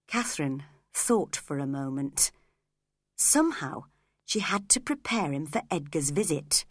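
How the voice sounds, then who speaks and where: A woman narrating a graded story for English learners, clear, expressive and deliberate. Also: low-pitched, no room sound, clean studio sound.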